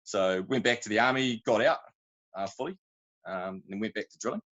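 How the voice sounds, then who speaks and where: On dull audio, a podcast guest with a New Zealand accent speaks at normal speed in a lowish, fairly bright voice. His casual storytelling rambles, with slang and frequent self-interruptions.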